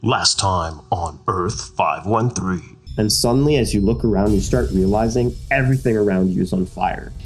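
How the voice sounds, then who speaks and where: A man's voice: fairly low pitch, normal speed, few pauses, faint music behind. A man narrating a tabletop game as game master, casual and rambling with lots of fillers.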